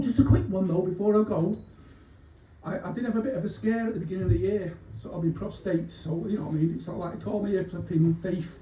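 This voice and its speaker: A cheeky, rambling old-school crook, as a man puts him on for a live comedy set, full of swearing and asides in a mellow voice. He sounds far from the mic in an echoey room with faint hubbub behind. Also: high-pitched, a little hiss or hum, close to an everyday voice. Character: aging small-time male Manchester thief, cheeky. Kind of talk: live stand-up character monologue. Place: pub gig venue.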